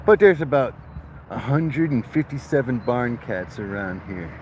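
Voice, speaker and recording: Crude joking farm guy just rambling, normal pitch, some faint outdoor noise. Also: expressive, unhurried. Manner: crude, joking, rough-spoken. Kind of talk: casual rambling storytelling.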